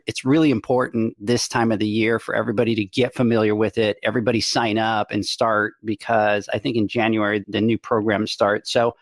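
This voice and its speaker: A man hosting a podcast at a middle pitch, enthusiastic as he introduces topics. The recording is dry, with no room echo. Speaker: podcast host. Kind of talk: casual podcast interview.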